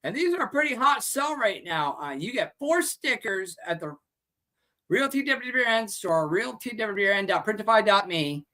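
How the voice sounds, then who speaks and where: A male show host ranting with lots of swearing and pitching merchandise, loud and blunt. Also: expressive, moderate pace. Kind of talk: profane rant and merch pitch.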